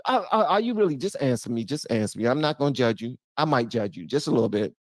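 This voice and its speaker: A man's voice: medium pitch, sing-song, fast, few pauses, no echo. Brief: man, commentary host, incredulous, voice jumping all over, dry close mic. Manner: exasperated, mocking, swings from loud outbursts to mutters. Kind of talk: reaction commentary.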